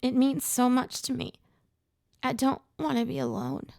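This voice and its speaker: A woman narrator voicing a sick young woman who speaks in a shaky, pleading, higher voice. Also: expressive, takes it slowly, dry recording, clean studio sound. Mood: tearful.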